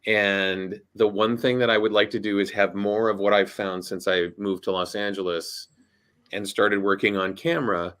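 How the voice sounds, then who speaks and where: Low-voiced reflective man. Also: little pitch movement, normal speed, a bit bright. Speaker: actor and voice-over artist. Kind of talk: reflective panel talk.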